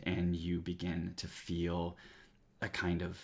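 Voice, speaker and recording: A man narrating as game master of a tabletop game, describing scenes with frequent pauses and fillers. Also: sits low, completely flat delivery, vocal fry. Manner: descriptive, hesitant with many fillers.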